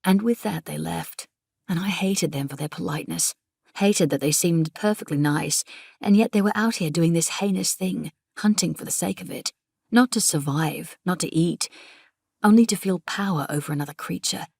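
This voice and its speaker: A woman narrates a novel in a measured, intimate first-person reading. Her low voice carries a gravelly grain, close-miked in a dry studio. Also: a little mellow, dry recording. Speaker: audiobook narrator.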